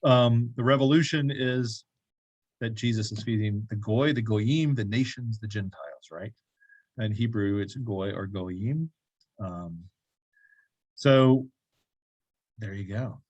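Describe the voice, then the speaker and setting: A man's voice: lowish voice, slow, pauses often, a little mellow, breathy edge, no echo, lo-fi sound. A man leading a church bible study group, talking casually, asking the group questions and making joking asides. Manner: conversational, asks the group questions, jokey asides. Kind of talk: casual teaching talk. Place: church classroom.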